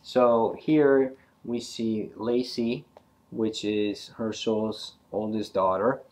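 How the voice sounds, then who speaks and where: A man's voice: lowish voice, steady tone, takes it slowly, darkish tone. A man casually reviewing a comic book, rambling with frequent fillers and restarts.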